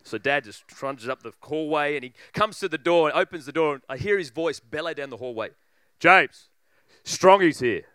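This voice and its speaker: A preacher telling a funny story in a sermon, acting out voices and laughing often. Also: male voice, fairly high pitch, animated, fairly quick, few pauses, a bit bright, clean tone, dry recording, studio quality.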